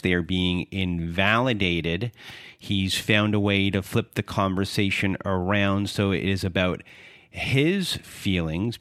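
A man hosting an interview, giving measured, analytical commentary. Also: low-pitched, fairly bright tone, no echo, studio quality. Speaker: host. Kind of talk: explanatory commentary.

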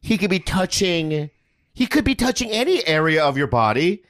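Lively man cracking jokes. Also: sits high, normal speed. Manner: joking, chiming in with wisecracks. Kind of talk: casual banter.

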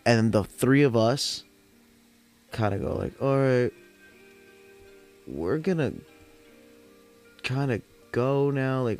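A man's voice: fairly low pitch, vocal fry, darkish tone. A young man hosting a podcast, telling a long story in a rambling, chatty way with plenty of swearing. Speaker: podcast host. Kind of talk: casual storytelling. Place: at home during a smoke session. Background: faint lo-fi jazz hop music.

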